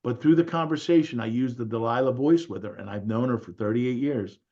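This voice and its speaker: A man in casual group call talk, an animated storyteller in real estate who quotes others as he goes. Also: medium pitch, a little fast, lo-fi sound.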